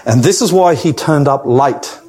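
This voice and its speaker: A man's voice: fairly high pitch, moderate pace, a little mellow. An older man preaching a sermon, emphatic and repeating his key phrases. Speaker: pastor.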